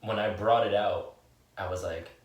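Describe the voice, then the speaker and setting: Young NY co-host, very low voice, easygoing storyteller, echoey and off-mic. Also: male voice, fairly even intonation, normal speed. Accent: New York. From New York. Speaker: podcast co-host. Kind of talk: casual chat. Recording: roomy and distant from the mic.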